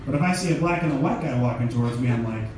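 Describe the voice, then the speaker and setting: A man doing a profane stand-up comedy set with a loud, ranting delivery, after a casual chat. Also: medium pitch, animated, very fast. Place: green room, then comedy club stage. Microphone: handheld stage microphone. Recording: echoey room with loud noise.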